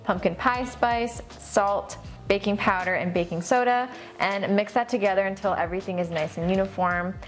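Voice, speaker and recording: A woman's voice: mid-range voice, fairly even intonation, normal speed, soft background music. A woman hosting a cooking vlog, chatting upbeat and casual as she walks through a recipe in a home kitchen. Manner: upbeat, chatty, says "super" and "so good" a lot.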